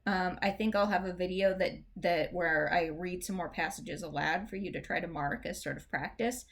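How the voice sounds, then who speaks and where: A woman's voice: lowish voice, moderate pace. A woman teacher giving a recorded lesson on poetic meter, patiently explaining and reading lines of verse aloud with the stressed beats drawn out. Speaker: English teacher.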